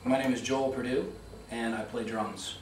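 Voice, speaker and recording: A man's voice: medium pitch, steady tone, moderate pace. A man who plays drums, the oldest of his band, explaining their music earnestly in a casual interview. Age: older than his bandmates. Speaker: drummer. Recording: echoey room from far off, with noise.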